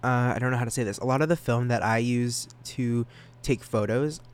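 A teenage boy hosting his own podcast, rambling and self-deprecating, giggling and jumping into sudden high silly voices. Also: fairly quick, clean tone. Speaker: podcast host.

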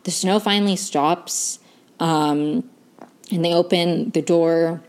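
A young woman in a casual, chatty recap of a TV season, full of "like" and "um" and quick restarts. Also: lowish voice, darkish tone, clean tone. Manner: chatty, lots of "like" and "um", self-correcting. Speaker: recap host.

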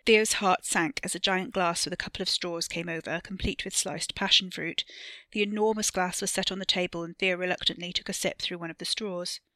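A woman narrates her own serialized story in a steady, measured way. Her voice sits a little low but sounds bright and crisp, recorded very close and dry. Each sentence is delivered with calm control. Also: no room sound. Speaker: podcast author and narrator. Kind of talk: audiobook-style fiction narration.

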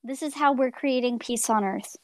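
A woman co-hosting a podcast in casual chat, bubbly and quick to laugh and agree. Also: a little high, darkish tone, no echo. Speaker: podcast co-host.

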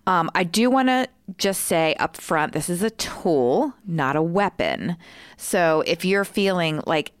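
A woman in her forties, a co-host explaining a communication tool in a measured, casual way with many fillers. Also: lowish voice, expressive, clean tone, dry recording, studio quality. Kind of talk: explaining casually with role-play examples.

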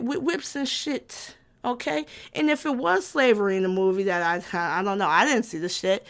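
A woman's voice: medium pitch, normal speed, hardly any pauses. A woman in her twenties talking casually as a vlogger, loose and profane, often restarting her sentences. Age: 20s. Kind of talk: casual chat.

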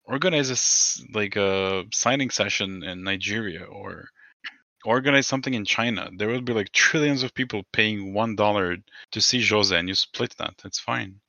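Gravelly low-voiced man chatting. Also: moderate pace, bright, forceful tone, no echo, muffled recording. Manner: rambling, sweary, laughs often. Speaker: podcast co-host. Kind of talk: casual chat.

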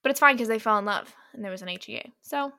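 A woman's voice: on the high side, fast, pushed and bright, clean tone, no room sound, studio quality. A young woman co-hosting a podcast, talking through book picks in an easygoing, wry way. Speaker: podcast co-host. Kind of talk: casual chat about romance novels.

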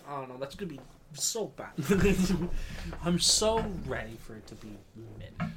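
A man's voice: on the high side, very animated, a little slow, a bit bright, slight background noise. Laughing podcast guy, casual chatter. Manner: laughs often, trails into mumbles. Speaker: podcast co-host. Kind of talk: casual chat about movies and games.

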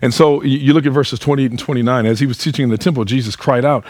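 A man's voice: medium pitch, fairly even intonation, fast talker, darkish tone, dry recording. A pastor preaching a sermon, earnest, putting direct questions to his listeners. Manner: speaks to the congregation as "y'all".

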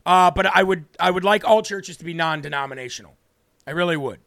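A man with a notably high voice preaches on a livestream. He teaches the Bible in an earnest, emphatic way and slows right down to read scripture. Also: gravelly, fairly bright tone. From northern United States. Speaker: host and preacher.

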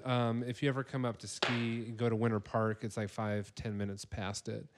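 A man's voice: on the low side, level tone, moderate pace, noisy background. Rambling male podcast host. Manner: rambling, filler-heavy. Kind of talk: casual chat.

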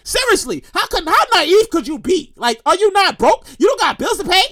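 A woman rants through comedic news commentary, loud, exasperated and profane. Her voice sits high and leaps all over the place as she shouts and works herself out of breath. She pauses now and then to calm down. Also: no echo, studio quality. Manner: acts out others in quoted voices. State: getting breathless, pausing to calm down. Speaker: commentary vlogger.

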